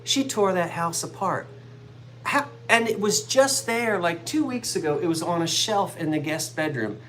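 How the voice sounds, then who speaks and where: A woman's voice: lowish voice, normal speed, slight background noise. Chatty South Jersey woman, storytelling. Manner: chatty storyteller, animated, laughs easily. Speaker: live sale host. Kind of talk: casual chat during a live online sale.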